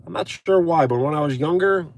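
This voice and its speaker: A man's voice: fairly high pitch, fairly quick, vocal fry. A young man from Brooklyn, chatting casually on a live stream from his car, thanking viewers by name. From Brooklyn, USA. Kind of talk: casual live stream chat reading comments. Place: inside a car.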